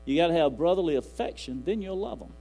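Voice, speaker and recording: A man's voice: on the high side, expressive, fast talker, vocal fry, warm tone, poor audio. A man preaching a sermon in a folksy, rambling way, quoting scripture aloud. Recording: faint music and mains hum.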